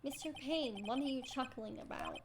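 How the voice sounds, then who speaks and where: A woman's voice: high-pitched, huge pitch swings, moderate pace, noisy background, heavily acted. A woman reading a flustered old judge. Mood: formal. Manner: flustered, formal. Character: fussy, easily startled elderly male judge. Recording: game music behind.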